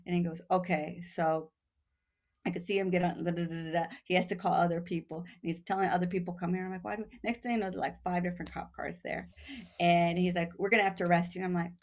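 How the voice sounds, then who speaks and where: She's from Texas, talks fast, and has a fairly low pitch. As a podcast guest she relates a long story in relaxed conversation, lively throughout, voicing the people in it and often laughing.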